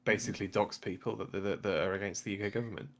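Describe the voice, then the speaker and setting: A man's voice: fairly low pitch, fairly even intonation, quick pace. A man explaining his views in a casual podcast discussion, opinionated and peppered with "like". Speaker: podcast co-host.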